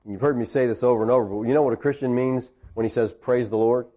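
A middle-aged man preaching a sermon, animated, with jokes and acted-out quotes. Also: mid-range voice, quick pace. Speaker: pastor.

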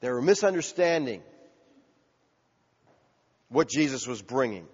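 A man preaching a sermon, asking the congregation questions and building to loud cries. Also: medium pitch, lively intonation, a little slow, husky. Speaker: pastor. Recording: dull sound with long hall reverb.

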